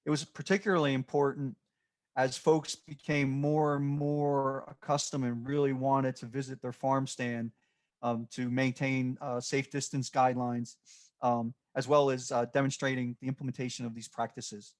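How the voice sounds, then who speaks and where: Casting: man, mid pitch, unscripted slide presenter, halting with lots of fillers. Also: level tone. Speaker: extension presenter.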